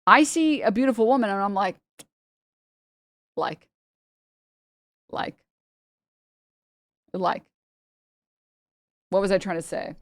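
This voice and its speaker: A young woman talks through a casual stream commentary, rambling and sarcastic. She laughs often and slips into mocking voices. Her voice is mid-pitched and recorded dry and close. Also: expressive, slow, pauses often, a bit bright, no room sound.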